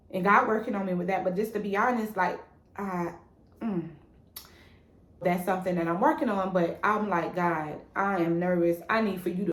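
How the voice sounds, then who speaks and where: A woman's voice: mid-range voice, reverberant. A woman vlogger talking casually and animatedly to her viewers about her faith, recorded on a propped-up phone at home. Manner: animated and preachy, addresses viewers as "y'all" and "baby". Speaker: vlogger sharing a faith testimony. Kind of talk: casual spoken testimony.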